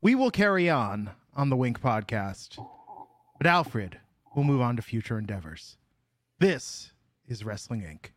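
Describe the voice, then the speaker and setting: A man's voice: mid-range voice, big pitch swings, a little slow, dry recording. A man co-hosting a podcast in casual chat, with a playful, theatrical announcer-style delivery. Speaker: podcast co-host.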